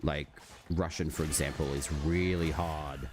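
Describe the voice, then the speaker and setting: In a very deep, unhurried voice, a gaming streamer rambles casually to his viewers, saying "like" a lot. Music sits in the background along with steady noise.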